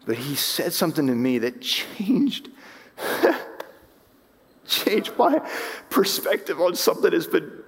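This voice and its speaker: Impassioned pastor preaching in a reverberant hall. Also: male voice, a little high, animated, moderate pace, vocal fry. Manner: impassioned, rising and falling with emphasis, frequent restarts. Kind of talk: sermon. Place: church sanctuary.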